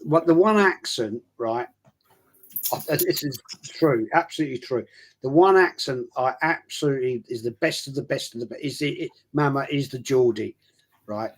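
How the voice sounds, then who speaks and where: A man's voice: medium pitch, moderate pace, breathy edge. A man, chatting on a stream and telling long anecdotes that trip over their own restarts. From London. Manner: rambling anecdotal storyteller with frequent restarts. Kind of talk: casual chat on a live stream.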